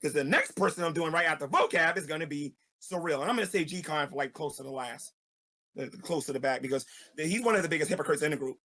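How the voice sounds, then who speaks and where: A man's voice: fairly high pitch, fast talker, pushed and bright. A man, a street evangelist, delivering an angry ranting video monologue, repeating himself and stammering as he goes.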